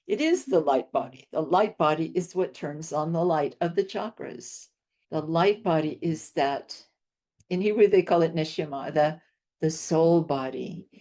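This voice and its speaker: Low, mellow older woman guest. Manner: earnest, reflective, repeats key phrases for emphasis. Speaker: podcast guest, homeopath. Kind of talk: interview conversation.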